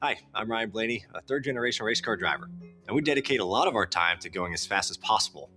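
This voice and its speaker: A man gives a scripted public service announcement earnestly and quickly. His voice sits a little low but has a bright, tense edge. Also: lively intonation, soft background music.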